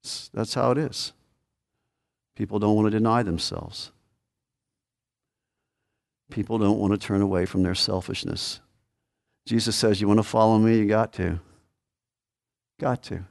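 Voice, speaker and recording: A man's voice: lowish voice, fairly even intonation, a little slow, creaky, long pauses. A man preaching a sermon as a pastor, earnest and repetitive, rising to sudden emphatic peaks. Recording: long hall reverb.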